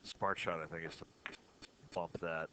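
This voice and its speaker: A man giving measured, analytical play-by-play commentary on a pool match. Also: low voice, little pitch movement, background noise. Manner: measured, analytical, chuckles often.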